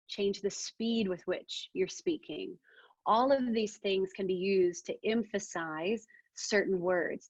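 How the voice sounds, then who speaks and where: A woman from Arkansas, leading a webinar on presentation skills in an energetic, emphatic way. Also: mid-range voice, measured pace, breathy edge, no echo, dull audio. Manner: energetic, emphatic, demonstrates vocal techniques. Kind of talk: webinar training talk.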